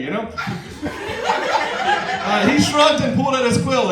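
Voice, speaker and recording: A man reads comic fan fiction at a bar open mic. He rambles with asides and fillers in a fairly high voice. The sound is distant and echoey, with noise behind it. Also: wildly swooping pitch, slow, pauses often.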